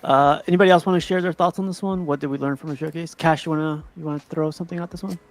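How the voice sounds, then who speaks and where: A man's voice: a little high, steady tone, racing. A man co-hosting a casual group chat over a video call, steering the talk and making mock-formal apologies. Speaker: co-host.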